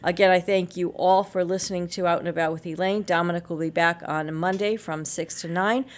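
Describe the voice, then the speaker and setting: Chatty woman radio host, lowish voice. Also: fairly even intonation, fairly quick. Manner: chatty, rambling, frequent fillers and laughs. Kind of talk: casual local radio announcements. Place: radio studio.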